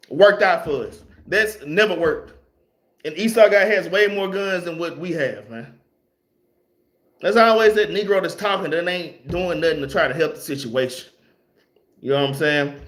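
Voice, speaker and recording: High-voiced man giving slangy Bible teaching. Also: a bit bright. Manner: loose, slangy, repeats words, reads verses slowly. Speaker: street preacher teaching scripture.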